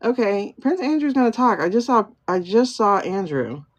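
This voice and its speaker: Her voice sits in the mid-range and is very animated, moving at a normal speed over lo-fi sound from a phone livestream. She hosts a tarot reading as a tarot and pendulum reader, musing aloud, chatting with viewers by name, and asking herself questions she then answers.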